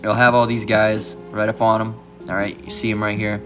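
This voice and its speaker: Rambling low-voiced man over background music. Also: monotone, brisk, fairly bright tone. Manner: rambling, fills with "all right" and "you know"; mimics others in a raised mocking voice. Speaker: channel host. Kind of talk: casual rambling commentary. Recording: music playing behind the voice.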